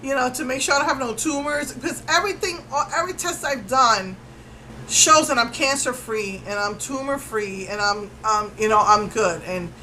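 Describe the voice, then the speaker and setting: Woman vlogger, casual storyteller, animated and rambling; slightly high voice, faint background noise. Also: normal speed, poor audio. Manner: rambling, animated retelling with many fillers.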